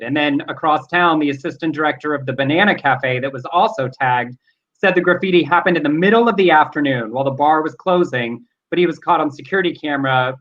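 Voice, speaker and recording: An earnest male co-host reads news items and reflects on them thoughtfully. His voice is bright and a touch high, heard through slightly muffled, lo-fi audio. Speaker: talk show co-host. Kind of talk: casual news chat.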